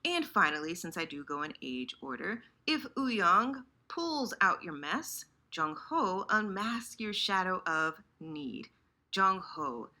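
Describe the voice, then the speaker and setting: A woman hosting a casual fan talk, animated and playful, acting out the listener's inner voice. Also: mid-range voice. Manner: animated, acts out inner voices, lots of restarts. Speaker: host. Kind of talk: casual chat about fandom.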